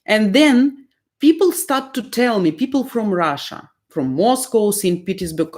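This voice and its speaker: A woman's voice: medium pitch, lively intonation, a little slow. A woman from Ukraine with a Ukrainian accent, a dating coach chatting through viewer questions on a live stream and explaining things step by step with fillers.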